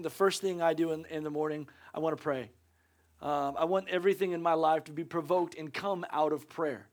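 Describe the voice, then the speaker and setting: A man preaching a conversational sermon as a pastor, earnest and urging, repeating his points with joking asides. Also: sits high.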